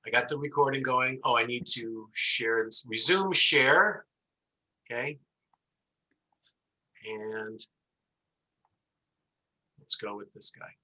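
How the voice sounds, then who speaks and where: A man teaching an online class, telling an animated story and acting out the voices as he explains. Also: medium pitch, takes it slowly, long pauses, low-quality recording. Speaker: instructor.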